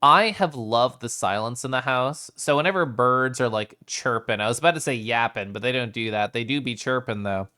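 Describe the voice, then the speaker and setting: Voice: medium pitch, normal speed, hardly any pauses, sharp tone. A streamer chatting casually with live chat, playful, reading messages aloud and often rolling R's and making vocal sounds.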